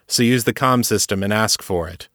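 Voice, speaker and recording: A man voicing a stern, gruff male team leader who gives terse, commanding orders. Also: lowish voice, moderate pace, fairly bright tone, dry recording, studio quality.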